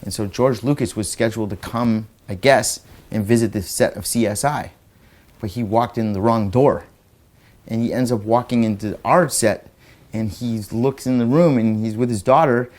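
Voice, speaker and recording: A man's voice: fairly low pitch, normal speed, a little mellow. A man in an interview telling an anecdote, rambling with lots of fillers and laughing as he goes. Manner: acts out quotes in raised voices. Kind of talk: anecdotal storytelling.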